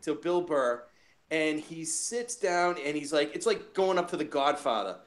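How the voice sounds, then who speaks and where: Podcast host guy, kinda high voice, swears a lot, animated storyteller, lots of restarts. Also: unhurried. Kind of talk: casual chat.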